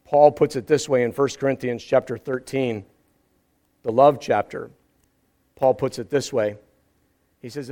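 A man preaching a sermon as pastor, lively and dramatic, acting out scripture passages as he teaches. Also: mid-range voice, a little slow, long pauses. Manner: animated, acts out scripture with exclamations.

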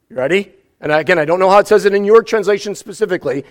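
A man with a high voice delivers a sermon from the pulpit. He preaches with animated energy and breaks into small acted scenes to bring scripture to life. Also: racing, few pauses. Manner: animated, acts out scripture with exclamations. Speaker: pastor.

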